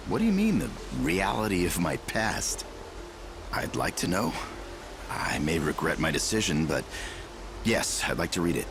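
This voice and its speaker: An actor playing an older man in a video game who recovers painful memories of his lost family, deep and gravelly. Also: very animated, moderate pace, background noise, heavily acted. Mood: curious. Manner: cheerful at first, then sorrowful and resolute. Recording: game audio over clear music.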